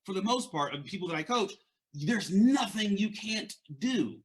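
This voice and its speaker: A man's voice: high-pitched, expressive, moderate pace. A man with a stutter giving an earnest, conversational motivational talk as a leadership and mindset coach, often repeating words.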